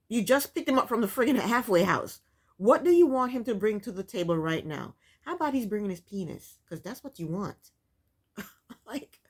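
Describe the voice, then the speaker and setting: A woman giving a blunt, sassy, exasperated casual recap of a TV show. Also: mid-range voice. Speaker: reality TV recap YouTuber. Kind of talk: casual commentary.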